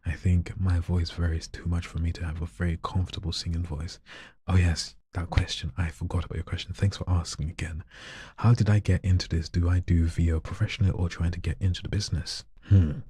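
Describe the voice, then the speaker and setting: A man chatting casually on a live stream, soft-spoken and shy, often slipping into whispers. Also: low voice, flat delivery, fairly quick, husky, no room sound. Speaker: live streamer and hobby voice artist.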